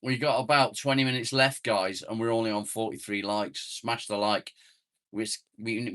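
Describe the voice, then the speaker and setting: A man casually live streams on a phone outdoors, seated in a chair near the house, chatting with viewers while humming and muttering as he reads the chat. His fairly low voice is a bit bright, fairly even and moderately paced, in a dry, clean studio-sounding recording.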